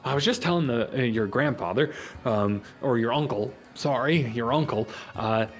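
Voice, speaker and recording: A man voicing an effusive, scheming male town mayor in a tabletop game, talking in a high, breathless gush. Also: moderate pace, lightly acted.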